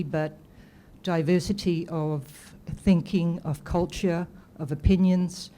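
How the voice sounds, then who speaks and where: A woman in her fifties, a board director, speaking in formal meeting remarks that are measured and full of hesitations. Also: low voice, warm tone.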